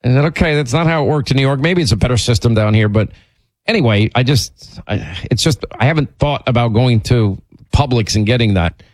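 A man hosting a radio talk show, rambling and teasing in casual on-air banter, his voice jumping high when he gets exasperated. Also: fairly quick, a little mellow, no room sound.

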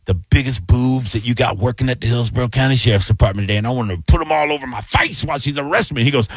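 A man telling a story in casual chat, acting out both sides of a phone call with lively voices. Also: mid-range voice, rapid-fire, dry recording. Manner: animated, acts out both sides of phone calls.

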